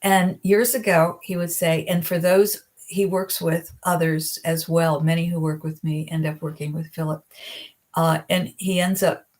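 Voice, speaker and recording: A middle-aged woman hosting a psychic advice live stream, talking earnestly and gently and slowing down at heartfelt points. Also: lowish voice, steady tone. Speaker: psychic video host. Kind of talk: reflective live-stream talk.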